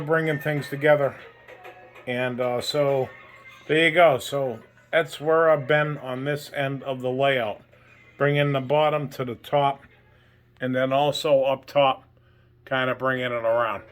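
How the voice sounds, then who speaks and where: A man's voice: mid-range voice, fairly even intonation, measured pace, faint music behind, poor audio. A man from New England giving a casual, rambling tour of his model railroad layout, with plenty of fillers, filmed on a handheld phone at home. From New England, USA. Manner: rambling, plain-spoken, lots of fillers. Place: home train layout room.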